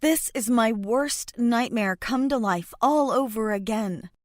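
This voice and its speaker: A woman narrates a first-person romance audiobook with emotion and heat, and she swears along the way. Her voice sits fairly high for a woman. The recording is dry and close. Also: slow, no echo.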